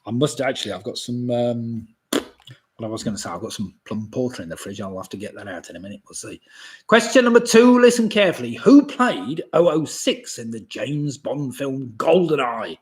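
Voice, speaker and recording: A man in his sixties hosting a live quiz from home, chatting casually, chuckling often and reading each question slowly twice. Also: mid-range voice, animated. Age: 60s. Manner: chatty, chuckles often, asides about beer; reads questions slowly and repeats them. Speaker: pub quiz host.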